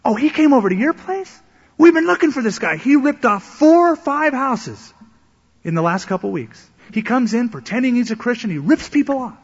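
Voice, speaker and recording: A man voicing an excited, alarmed male ministry worker who blurts out a warning in a high, rushed voice. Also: husky, full character voice. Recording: echoey hall, dull lo-fi sound.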